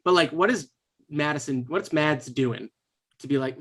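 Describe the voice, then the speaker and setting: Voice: mid-range voice, normal speed, a crowd in the background. A game master running a tabletop game in a casual, laid-back way, with lots of fillers.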